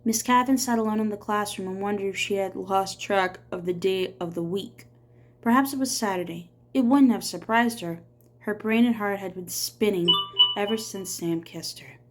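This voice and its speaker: A woman reads a novel aloud as an audiobook reader. She tells the story in a steady, even manner. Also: medium pitch.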